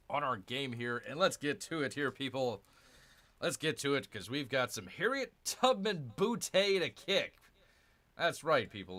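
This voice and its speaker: A man hosting a gaming show, rambling in casual let's-play commentary and calling himself Bear in the third person. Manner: lively, animated delivery with big pitch swings. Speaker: gaming channel host.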